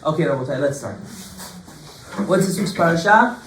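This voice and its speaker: Joking rabbi teaching a lively class. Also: male voice, on the high side, moderate pace. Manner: lively, joking, full of rhetorical questions. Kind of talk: informal Torah class. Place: classroom with students. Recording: echoey room, distant mic, faint hiss.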